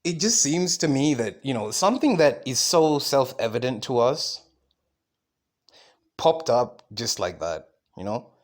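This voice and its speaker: A podcast host with a medium-pitched, sing-song voice rambles alone at a measured pace. He swears often, uses plenty of fillers, restarts his sentences, and keeps asking "right?"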